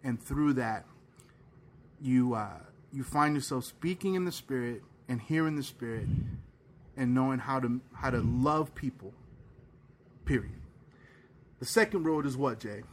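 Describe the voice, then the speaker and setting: A male podcast co-host who leads a casual faith discussion. He speaks in an animated way and chimes in with quick affirmations. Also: medium pitch, a little hiss or hum.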